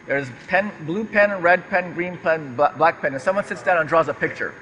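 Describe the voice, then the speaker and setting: A man's voice: on the high side, moderate pace, pushed and bright, lo-fi sound, a little hiss or hum. A man giving a stage talk to a live audience, chatty and self-deprecating, with lots of fillers and restarts. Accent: American. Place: large lecture hall. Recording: long hall reverb.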